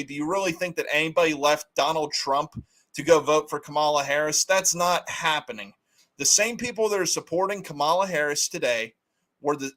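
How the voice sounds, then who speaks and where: A man's voice: fairly high pitch, fairly bright tone. A man hosting a casual political livestream, talking bluntly and arguing his opinions. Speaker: livestream host.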